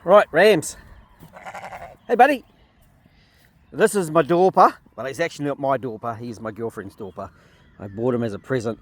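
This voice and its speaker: A New Zealand sheep farmer and video host chats casually in a paddock for an outdoor farm vlog. His voice is mid-range and his pace a little fast as he explains things and talks to his animals.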